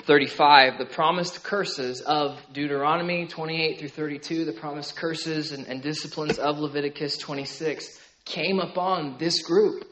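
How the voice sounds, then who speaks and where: A man's voice: on the high side, steady tone, moderate pace, a bit bright, poor audio. A man preaching a sermon in a conversational way, often checking in with the listeners by asking "okay?" and "right?". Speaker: pastor.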